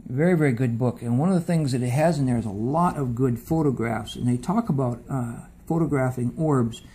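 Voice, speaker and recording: A man's voice: mid-range voice, fairly quick, mellow, breathy edge. A man speaking into a phone camera in an earnest, casual monologue, often repeating words for emphasis. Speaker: video presenter.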